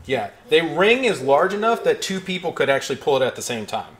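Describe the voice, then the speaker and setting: Man, dungeon master voice, animated and fairly high, talks in loose rambling bursts. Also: brisk. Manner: rambling, restarts a lot, lively narration. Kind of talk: narrating a tabletop game.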